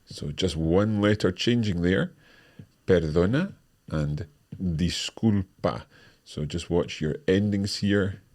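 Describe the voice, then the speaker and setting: A man hosting a language lesson, explaining each phrase and repeating it clearly for learners. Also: low voice, takes it slowly, darkish tone. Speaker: language teacher and host.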